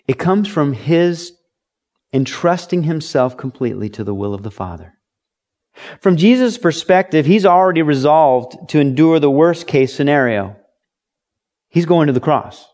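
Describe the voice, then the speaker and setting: A middle-aged man preaching a sermon, telling Bible stories and briefly acting out the voices of the people in them. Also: a little high. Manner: animated preaching, acts out voices in quotes. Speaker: pastor.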